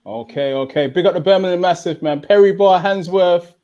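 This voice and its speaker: A man's voice: high-pitched, a little fast, highs cut off. A young man hosting a live boxing watchalong, upbeat and full of banter. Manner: hyped, banter-filled. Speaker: host. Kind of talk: casual live watchalong chat.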